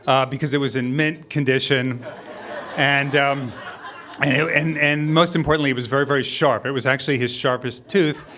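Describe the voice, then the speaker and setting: A middle-aged man telling a true story live on stage, wry and halting, often chuckling as he goes. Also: medium pitch, fairly bright tone.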